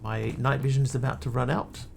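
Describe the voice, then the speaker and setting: A man's voice: mid-range voice, fairly even intonation, a little fast, gravelly, a little mellow, slight background noise. A man streaming a game, chatting playfully with viewers and cracking jokes as he plays. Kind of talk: casual gameplay commentary.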